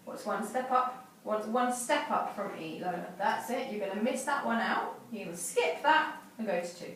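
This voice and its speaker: A woman teaching a child violin, gently encouraging and asking patient questions. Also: mid-range voice, expressive, moderate pace, faint music behind. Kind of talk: patient one-to-one lesson teaching. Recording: echoey room from a distance with violin.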